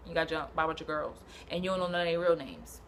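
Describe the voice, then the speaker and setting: Bright-voiced New woman telling a story. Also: deep voice, quick pace, slight background noise. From Brooklyn, New York. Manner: animated, swearing, slangy, acts out quotes. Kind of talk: casual storytelling.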